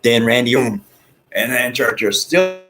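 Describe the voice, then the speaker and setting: A man vlogging in a rambling, excitable monologue, with some swearing. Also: medium pitch, moderate pace, music in the background, poor audio. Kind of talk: casual monologue.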